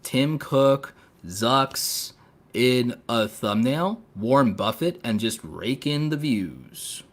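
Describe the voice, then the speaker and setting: A man's voice: medium pitch, lively intonation, slow. A man hosting a casual podcast chat, talking in long rambling runs full of fillers, with a sarcastic edge. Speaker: podcast host.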